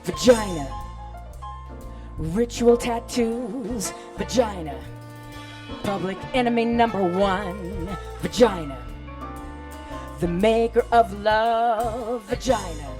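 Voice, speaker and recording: A woman performing a rhythmic spoken-word chant with call-and-response, swinging between sung high lines and murmured low ones. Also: slow, long pauses. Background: music.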